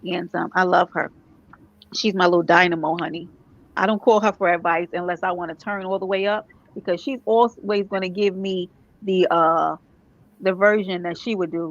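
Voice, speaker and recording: A woman from New York chatting casually as a vlogger, animated, with quick asides and laughs. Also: on the low side, highs cut off. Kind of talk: casual chat.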